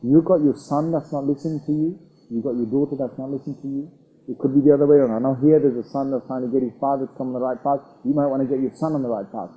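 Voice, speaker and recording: A man's voice: mid-range voice, fairly even intonation, quick pace, dark tone, husky, low-quality recording. A man giving a recorded religious lecture, reciting Arabic verses and explaining them in with earnest repetition. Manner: recites Quranic Arabic, then explains it in English; earnest, repeats phrases with restarts. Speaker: Islamic teacher.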